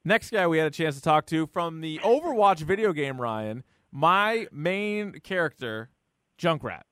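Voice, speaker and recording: A man hosting a podcast, chatting loosely and joking at his own expense. His voice sits a little high and the sound is dry and close. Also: animated, measured pace, a bit bright, no echo. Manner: self-deprecating, rambling. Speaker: podcast host. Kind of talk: casual podcast chat.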